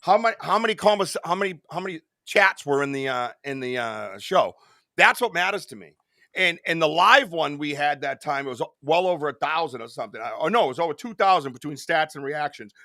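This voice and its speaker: A man hosting a live podcast in casual, rambling chat. His voice is bright and forward, with loose swearing and laughter at his own stories. The mic is close and dry, with no room sound. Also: on the high side, animated, a little fast, no room sound. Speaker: podcast host.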